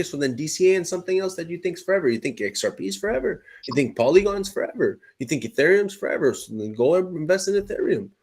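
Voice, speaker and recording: Emphatic swearing man from Montreal. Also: on the high side. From Montreal, Canada. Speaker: crypto show co-host. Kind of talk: heated podcast argument.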